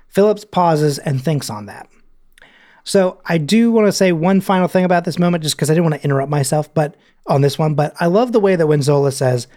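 A man's voice: on the high side, lively intonation, fairly quick, a little mellow. A man hosting a podcast, casually recapping a movie scene and reading lines aloud with his own asides. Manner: chatty, reads scene quotes aloud with asides. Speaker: podcast host.

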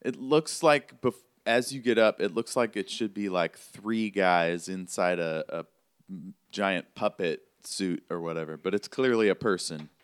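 A man's voice: sits low, measured pace, smooth. A man narrating as game master of a tabletop role-play game. He describes the scene in a loose, casual way and keeps reaching for words with filler.

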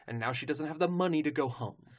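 A man co-hosting a podcast who recaps a cartoon episode with animated, storytelling energy. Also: a little high, quick pace. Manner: animated storyteller who jumps into character voices. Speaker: podcast co-host.

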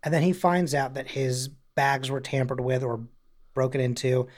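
A man's voice: medium pitch, normal speed. A man co-hosting a podcast in casual chat, rambling through stories with many fillers. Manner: rambling storyteller, slips into mock voices and quotes. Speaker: podcast co-host.

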